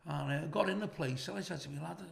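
Gravelly Scouse man telling stories. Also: fairly high pitch, racing. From Liverpool, England. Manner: swears freely, animated when quoting others. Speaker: guest comedian. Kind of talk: casual storytelling chat.

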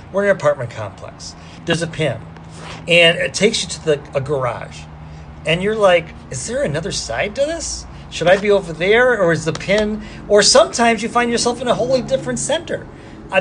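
A man with a slightly raised voice co-hosts a relaxed podcast chat. He rambles through his explanations in loose asides, over a faint layer of background noise. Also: sits high. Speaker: podcast co-host. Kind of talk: casual chat.

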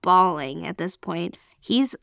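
Podcast guest: a woman from Canada, earnest and excited, with a creaky voice. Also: lowish voice, slow, no room sound, studio quality. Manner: earnest, excited storytelling with many fillers. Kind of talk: emotional personal testimony.

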